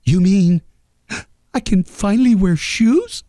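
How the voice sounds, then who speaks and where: A man's voice: sits high, slow, warm tone. A man doing a whiny Godzilla. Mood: whiny, tearful. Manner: sobbing, self-pitying. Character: whiny male giant monster, childlike.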